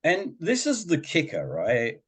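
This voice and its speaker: A man's voice: fairly high pitch, huge pitch swings, a little slow, husky. A middle-aged man, telling a chatty personal story as a podcast guest and acting out other people's voices. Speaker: guest, behaviour coach. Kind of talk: storytelling in a casual podcast chat.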